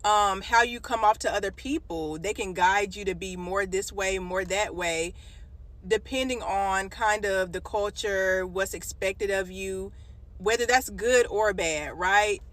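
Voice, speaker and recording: A speaker calmly explaining to viewers in a relaxed, reflective way. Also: mid-range voice, measured pace, no echo. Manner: relaxed, reflective, with light laughs.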